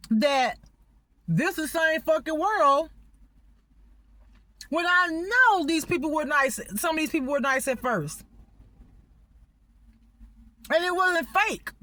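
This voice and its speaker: A woman's voice: high-pitched, pushed and bright. A woman venting in an unscripted monologue, rambling and agitated, swearing often and breaking into exasperated, pleading outbursts. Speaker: spiritual vlogger.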